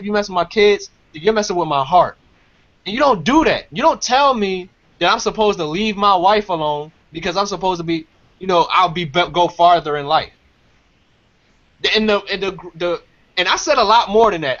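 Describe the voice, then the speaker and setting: A man's voice: high-pitched, a bit bright. A man telling a story in casual talk, emphatic and repeating his phrases. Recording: dull lo-fi sound.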